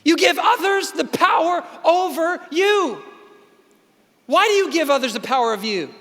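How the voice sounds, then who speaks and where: High, bright-voiced man speaking in a hall. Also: lively intonation, measured pace. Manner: emphatic, acts out voices in dialogue. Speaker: keynote speaker. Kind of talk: motivational keynote speech. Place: large convention hall. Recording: reverberant hall sound.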